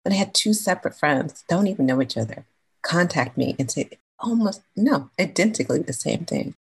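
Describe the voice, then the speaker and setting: A woman's voice: low-pitched, animated, fairly quick, creaky, husky, low-quality recording. A woman from California telling her own story as a guest in a casual, chatty, slangy way. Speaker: podcast guest.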